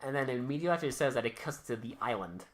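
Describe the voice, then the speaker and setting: A man co-hosts a podcast, recapping a movie in casual chat, swearing freely, joking and acting out the characters' lines. His medium-pitched voice is lively and rapid-fire, with slight background noise.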